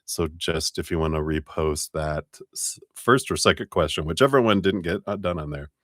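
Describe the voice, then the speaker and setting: A man's voice: low-pitched, moderate pace, a bit bright, no echo, studio quality. A man hosting a live tarot stream, casually greeting viewers by name and thanking them.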